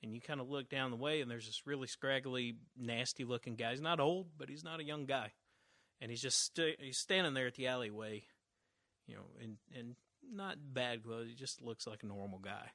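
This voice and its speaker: A man runs a tabletop game as game master, describing scenes in a loose, chatty way full of fillers and restarts. His voice is bright and forceful. The sound is close and dry. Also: mid-range voice, moderate pace, no room sound. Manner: relaxed, many fillers and restarts.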